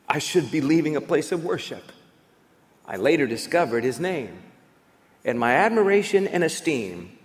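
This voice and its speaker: A man's voice: mid-range voice, in a large hall. A man preaching a sermon as a pastor, emphatic and full of rhetorical questions.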